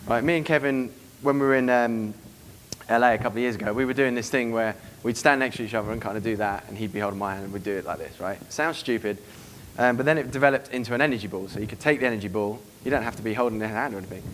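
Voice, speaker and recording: A quick, rapid-fire man running a live seminar, swearing freely and slipping into snippets of acted dialogue. His pitch sits in an ordinary middle range. A faint hiss of noise sits under the talk. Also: a bit bright. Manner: brash, profane, acts out quoted dialogue. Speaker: dating coach giving a seminar.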